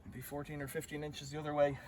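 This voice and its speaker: A man's voice: on the high side, monotone, quick pace, a little mellow, a little hiss or hum. A man narrating casually to the camera while he works outdoors, talking to himself with pleased exclamations and a little out of breath. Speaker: video maker. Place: outdoors at a stone working site.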